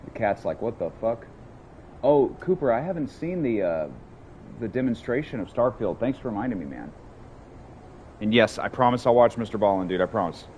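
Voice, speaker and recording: A man streaming a game from his hot room at home, talking excitedly and with a lot of swearing to his chat. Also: lowish voice, fairly quick, highs cut off, slight background noise. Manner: excited, profane, chatty with chat. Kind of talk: casual livestream chat.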